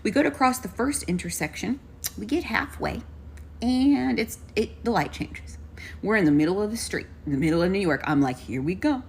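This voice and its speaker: A young woman telling a story in casual, profane speech, switching to high put-on voices for the people she quotes. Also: animated, normal speed, a little mellow, a little hiss or hum.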